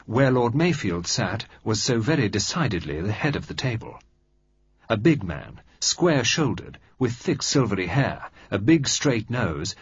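A man narrating an audiobook in a steady, measured reading style. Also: mid-range voice, husky, no room sound. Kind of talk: scripted narration. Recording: dry, slightly dull recording.

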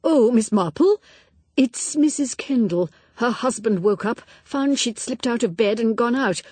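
A woman's voice: fairly high pitch, lively intonation, a little mellow, husky, no echo, pitched above the performer's own voice. A woman voicing a man hurriedly raising the alarm. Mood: urgent. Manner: hurried, urgent.

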